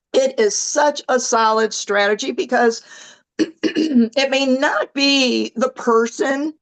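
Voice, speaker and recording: An enthusiastic woman with a somewhat high voice leads a motivational team call. She talks in a chatty, gushing way over a video-call mic, and her voice is a little hoarse. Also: rough recording. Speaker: team leader.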